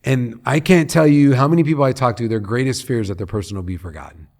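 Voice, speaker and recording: A middle-aged man from Long Beach, California, talking as a guest on an interview podcast in an earnest, animated way. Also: medium pitch, fast talker. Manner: earnest and animated, often acting out what people say. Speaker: guest, head of a nonprofit.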